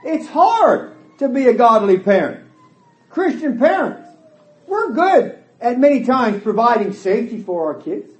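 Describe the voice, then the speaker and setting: A middle-aged man delivers a sermon with an emphatic, folksy manner. His voice sits very high and swings widely in pitch. The hall around him is echoey. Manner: emphatic, folksy, quotes dialogue in character voices. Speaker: preacher.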